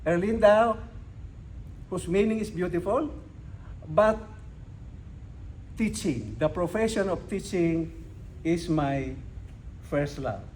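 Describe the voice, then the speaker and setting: An older man giving a club speech, slow and emphatic, with dramatic pauses. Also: sits high, darkish tone, a little hiss or hum, low-quality recording. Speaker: club speaker. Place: club meeting room.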